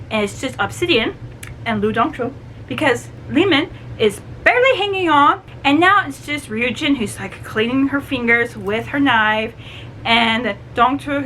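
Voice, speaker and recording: High-pitched chatty woman doing a book review vlog, super animated, lots of like and you know. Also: a little hiss or hum, low-quality recording.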